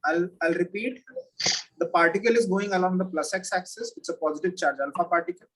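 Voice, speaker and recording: Man, physics teacher, high voice, husky, patient, repeats questions, video call. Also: fairly even intonation, brisk, fairly bright tone, rough recording. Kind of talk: online oral exam questioning.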